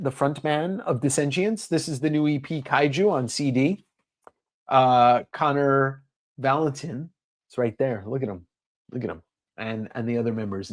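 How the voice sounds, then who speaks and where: A man's voice: on the high side, darkish tone. A man hosting a comic sale livestream in casual sales chat, rambling with lots of fillers.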